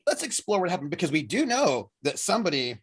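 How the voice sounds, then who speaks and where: An eager facilitator leads a planning chat for a tabletop game. The voice swings widely in pitch and carries a husky breathiness. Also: sing-song, fast talker. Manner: eager, probing questions.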